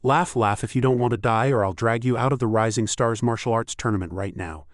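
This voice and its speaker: A man voicing a cunning young male martial artist who speaks calmly and confidently. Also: mid-range voice, a little fast, no echo, studio quality, lightly acted. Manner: calm, confident.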